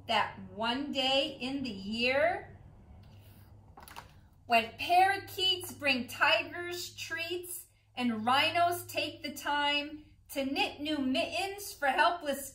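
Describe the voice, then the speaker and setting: A joyful male dog from a picture book exclaims with wide-eyed excitement, as a woman reads him out. His voice sits high and the room echoes. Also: full character voice. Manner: cheering, exclaiming.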